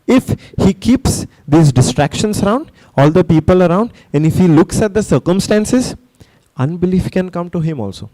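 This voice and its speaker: A man's voice: sits high, expressive, moderate pace, mellow, dry recording, low-quality recording. A man with an Indian English accent preaching a sermon at a retreat, emphatic and questioning the audience, punctuated by hallelujahs. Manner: emphatic, call-and-response preaching with repeated hallelujahs. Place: retreat session hall.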